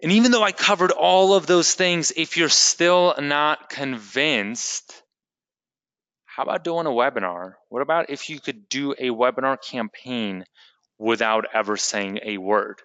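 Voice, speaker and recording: Bright, crisp male webinar presenter, eager salesy pitch, speaks directly to viewers, dry close sound. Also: a little slow, no echo. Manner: enthusiastic, salesy, talks straight to the audience. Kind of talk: live sales webinar teaching.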